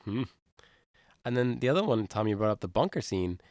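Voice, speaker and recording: A man's voice: lowish voice, very animated, a little fast, a little mellow, no room sound, studio quality. A man co-hosting a casual film discussion, making wry, conversational remarks. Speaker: podcast co-host.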